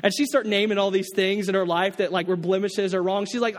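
High-voiced man preaching in a reverberant hall. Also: fast talker, hardly any pauses. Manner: storytelling, animated quoted voices, many restarts. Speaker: pastor. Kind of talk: sermon.

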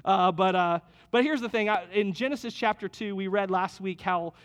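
A man's voice: sits high, normal speed, a bit bright. A middle-aged man preaching a sermon to couples in a conversational way, repeating key lines and joking with his listeners. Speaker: pastor.

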